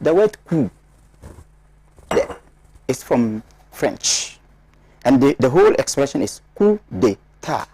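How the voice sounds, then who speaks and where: A man's voice: mid-range voice, sing-song, slow, long pauses, dark tone, husky, dry recording. A man from Ghana, a studio panelist, lecturing in an emphatic, explaining manner with many repetitions. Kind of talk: studio discussion analysis.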